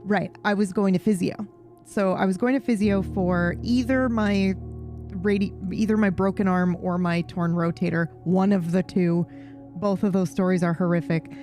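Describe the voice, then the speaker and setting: A woman streamer chatting casually with her viewers, telling a rambling, animated story full of swearing. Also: fairly low pitch, normal speed, soft background music. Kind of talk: casual chat with viewers while gaming.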